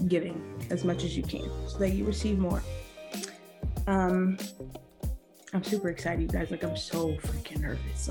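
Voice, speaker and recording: A woman hosting a casual interview over a video call, gushing and excitable, circling back to how nervous she feels. She talks through a computer mic, and faint music plays underneath. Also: fairly low pitch. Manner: bubbly, repeats herself, keeps saying she is nervous. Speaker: podcast host.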